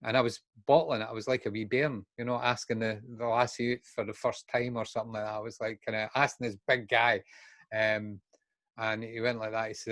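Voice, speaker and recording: An older Scottish man, a guest speaker in recovery, speaks fairly quickly in a lowish, level voice with a bit of brightness. He tells his own story openly, acting out remembered conversations, in a dry, close recording with no echo.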